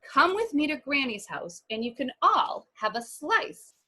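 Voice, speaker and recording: A woman's voice: high-pitched, very animated, pushed and bright, voice pushed up, full character voice. A woman voicing a brave young girl in a children's story read aloud. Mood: kind. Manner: brave, brisk. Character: little girl in a red raincoat, brave.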